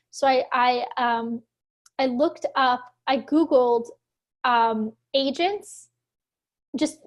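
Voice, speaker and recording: A high-pitched woman from Philadelphia talks as a guest in a casual interview. She rambles quickly and animatedly, sprinkling "like" everywhere and laughing often. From Philadelphia, USA. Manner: chatty, fast, many "like" fillers, laughs often. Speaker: actor and producer guest.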